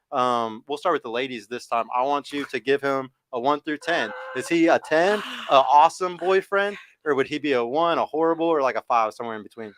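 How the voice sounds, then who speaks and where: Blunt, fast-talking man in his thirties. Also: mid-range voice, a bit bright, no room sound. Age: 30s. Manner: blunt, stern, argumentative. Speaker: podcast host. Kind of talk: casual panel chat.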